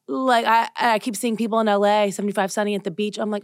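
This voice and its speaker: A woman in her thirties co-hosting a podcast, chatting casually and getting animated and loud when worked up. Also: mid-range voice, normal speed, clear, resonant tone, dry recording, studio quality. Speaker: podcast co-host. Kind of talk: casual chat. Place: moved from the West Coast to the East Coast.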